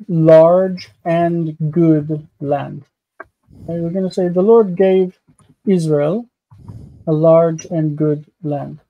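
Man, mellow voice, slightly high, patient step-by-step grammar teacher, live video class. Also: muffled recording. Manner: patient, explains pronunciation step by step. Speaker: host teaching biblical Hebrew grammar.

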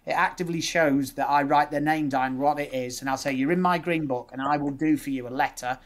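A man's voice: a little high, level tone, a little fast. Man explaining patiently. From West Yorkshire, England. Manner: practical, explains step by step, uses patient scripts. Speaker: guest dentist. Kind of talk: casual interview chat.

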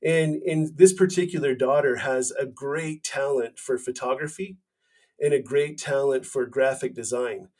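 A man's voice: mid-range voice, steady tone, unhurried, a little mellow. A man in his forties, a company founder, speaking as a podcast guest and telling his story earnestly, often restarting his phrases. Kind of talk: casual interview chat.

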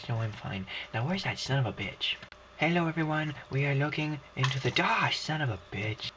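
A man commentating a video game at home, excitable and swearing, switching between shouts and a hushed whisper-yell. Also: medium pitch, moderate pace, background noise. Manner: swears and jokes to himself. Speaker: gaming commentator. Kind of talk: let's play commentary. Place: home while others sleep.

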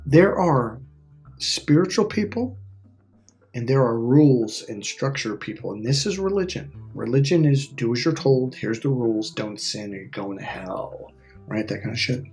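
A man's voice: medium pitch, lively intonation, normal speed, a little mellow, soft background music. A middle-aged man, a spiritual life coach, telling a long personal story in a rambling, casual way, swearing now and then and acting out what other people said. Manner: rambling, profane, restarts often, voices other people in his story.

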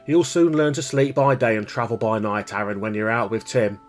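A man's voice: on the low side, fairly even intonation, moderate pace, faint music behind, lightly acted. A man voicing a protective grown man in a storybook reading, firm and kindly.

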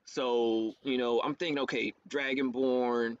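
A man, a theater actor, chatting as a guest in a casual interview, animated, laughing often and jumping up in pitch for quoted voices. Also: unhurried. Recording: dull lo-fi stream audio with faint hiss.

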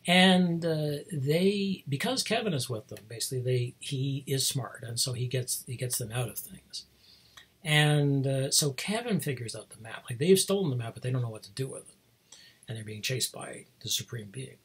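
Very breathy middle-aged man rambling. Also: medium pitch, expressive, moderate pace. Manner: rambling, chuckling often, with many restarts. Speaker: host. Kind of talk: casual rambling monologue.

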